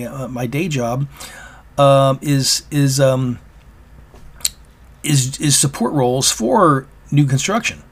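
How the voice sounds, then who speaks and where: A man hosting a solo opinion podcast, talking in a rambling, halting way with many restarts. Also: medium pitch. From Oregon, US. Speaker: podcast host.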